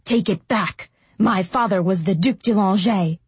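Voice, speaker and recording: A woman's voice: mid-range voice, a little slow, slightly rough, no echo. A woman playing a proud, hot-tempered young duke. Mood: defiant. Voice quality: venomous, defiant.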